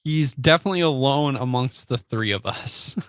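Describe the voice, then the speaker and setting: Smooth-voiced man chiming in dryly. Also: medium pitch, normal speed, dry recording, studio quality. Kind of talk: casual remark.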